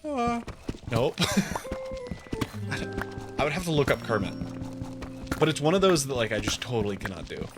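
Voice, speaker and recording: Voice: mid-range voice, wildly swooping pitch, normal speed, long pauses. Rambling streamer over game music. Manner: rambling, self-deprecating, chatty. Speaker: live streamer. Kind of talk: casual gameplay commentary.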